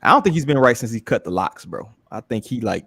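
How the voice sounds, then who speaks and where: A man's voice: mid-range voice, sing-song, fast, vocal fry, fairly bright tone, breathy edge, dry recording. A man co-hosting a podcast, talking in a blunt, profane, casual way. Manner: blunt, profane, says bro a lot. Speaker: podcast co-host. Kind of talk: casual chat.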